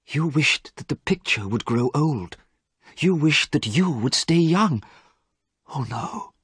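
A man's voice: fairly high pitch, animated, takes it slowly, fairly bright tone, slightly rough, no echo, studio quality, pitched above the performer's own voice, full character voice. A man reading a storybook, voicing a shocked, frightened painter who pleads in horror. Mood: horrified. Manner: horrified, pleading. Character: shocked, frightened middle-aged male painter.

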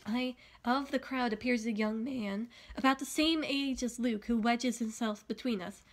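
A woman reading a first-person novel aloud at home in a steady, even voice. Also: fairly high pitch, moderate pace, few pauses. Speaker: audiobook reader.

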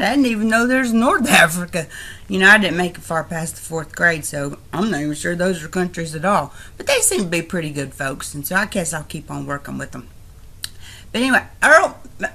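A woman's voice: lowish voice, fairly bright tone. A woman voicing a folksy, uneducated trailer-park country woman who rambles in a homespun way. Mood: hollering. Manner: rambling, homespun, breaks off to holler at family.

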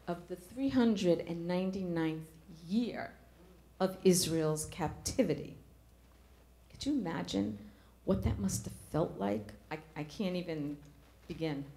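A woman's voice: on the low side, darkish tone, reverberant. A middle-aged woman preaching a sermon in a church, earnest, asking the congregation questions.

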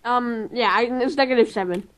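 A woman's voice: a little high, a little fast. A woman playing along in a game session, giggly, teasing and playful in casual chat. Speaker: co-player.

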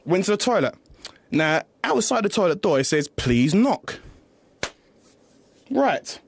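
A man's voice: high-pitched, sing-song, moderate pace, creaky, husky, no echo. A man, a reality show housemate swearing and confronting someone in a heated indoor argument. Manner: swearing, confrontational, repeats himself.

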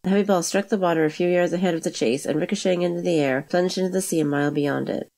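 A woman reads a classic adventure novel aloud as the narrator. Her voice is low and she moves through the text at a quick, steady pace. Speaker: audiobook narrator.

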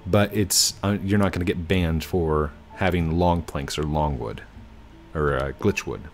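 A man's voice: sits low, unhurried, faint music behind. A man doing casual gameplay commentary, apologetic yet firm as he lectures players about rule breaking. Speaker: gaming YouTuber.

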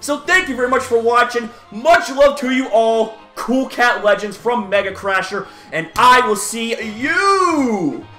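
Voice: medium pitch, lively intonation, measured pace, few pauses, pushed and bright, roomy sound, faint music behind. A YouTube vlogger in an over-the-top hype persona, swearing freely and stammering over repeated words. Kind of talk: hyped commentary vlog in a persona.

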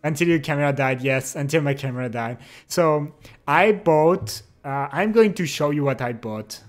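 A young man chatting casually with his stream chat, relaxed and giggly. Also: fairly high pitch, moderate pace, soft background music. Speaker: livestreamer. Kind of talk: casual chat reading and answering viewer chat.

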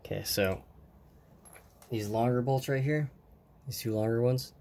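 A man's voice: medium pitch, measured pace. A tired man giving a casual hands-on tutorial at a workbench, rambling and trailing off as he talks to himself while working. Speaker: hobbyist showing a model truck build. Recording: clear steady background noise.

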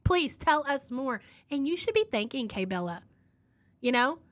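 A woman with a slightly high voice hosts a live reaction stream in casual commentary. She reads chat messages aloud and answers with dry sarcasm. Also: very animated, normal speed. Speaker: commentary podcast host.

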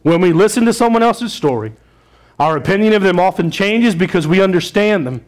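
A man with a fairly high voice preaching a sermon to his congregation. He speaks as their pastor, in a conversational way, and often puts questions to the room. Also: expressive, fairly quick.

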